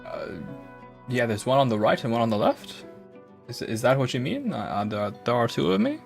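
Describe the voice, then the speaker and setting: A man's voice: mid-range voice, big pitch swings, normal speed, vocal fry, faint music behind. A man streaming a game, chatting playfully and rambling, slipping into a put-on British accent. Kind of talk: casual gameplay commentary.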